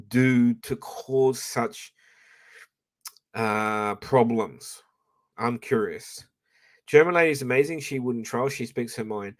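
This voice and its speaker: Slow and medium-pitched, this livestream host's voice comes through a professional mic as he chats in a rambling, profane way. He restarts himself often.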